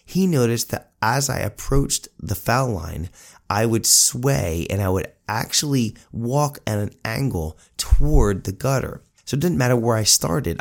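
A man in his forties hosting a solo podcast, telling a story in an animated, self-mocking way. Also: fairly low pitch, vocal fry. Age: 40s. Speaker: podcast host.

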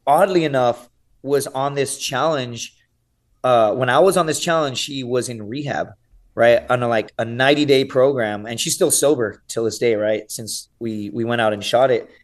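A man in his thirties, a guest on a podcast, telling a story casually and with animation, swearing freely and often saying "dude" and "right?". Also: mid-range voice. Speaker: podcast guest, survival show contestant.

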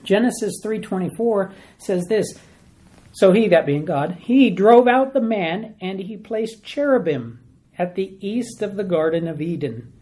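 A man's voice: high voice, measured pace, dark tone. A man preaching, teaching through a Bible passage verse by verse, asking questions and repeating key words for emphasis. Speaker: pastor.

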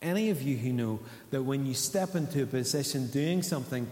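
A man's voice: mid-range voice, expressive, fairly quick, darkish tone. A man, preaching a sermon in a conversational way and asking the congregation questions. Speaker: pastor. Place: church hall. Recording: echoey church hall.

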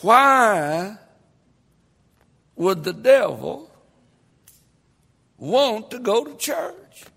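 Slow, gravelly, emphatic male preacher. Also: sits high, very animated. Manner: emphatic, building to loud preaching peaks. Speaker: pastor. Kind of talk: sermon. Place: church sanctuary. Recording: long hall reverb.

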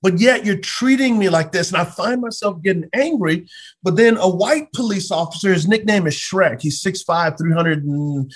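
A middle-aged man, a pastor, telling personal stories in an earnest, animated way with frequent stammered restarts. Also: high voice, moderate pace. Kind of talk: conversational storytelling.

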